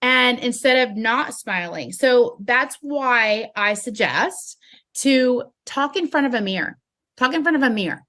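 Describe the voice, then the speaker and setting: A woman's voice: fairly high pitch, measured pace. Upbeat woman giving a sales training talk. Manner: upbeat, animated, smiling delivery. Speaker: network marketing trainer. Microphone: phone.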